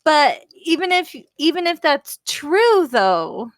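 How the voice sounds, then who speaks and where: A woman's voice: high voice, sing-song, takes it slowly, dry recording, studio quality. A woman in her thirties co-hosting a live stream, chatting casually in a rambling way with frequent laughs. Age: 30s. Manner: chatty, rambling, laughs often, many fillers. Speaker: co-host.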